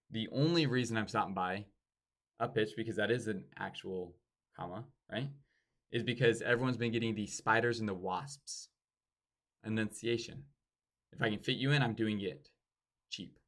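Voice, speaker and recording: A man with a fairly low voice talks through a sales training in a casual, conversational way. He stops often to act out sample door-to-door pitches, showing how pauses, enunciation and pitch change the emphasis. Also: a bit bright.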